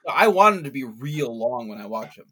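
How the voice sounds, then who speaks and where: A man on a casual movie podcast, speaking hesitantly with many pauses and ums. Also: medium pitch, big pitch swings, pushed and bright.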